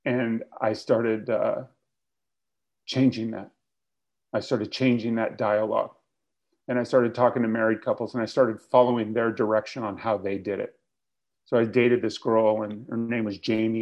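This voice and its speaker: A man's voice: fairly low pitch, little pitch movement, a little fast, a little mellow. A man speaking to a recovery meeting, telling his story with candid, blunt, self-mocking humor. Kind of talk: confessional comic storytelling.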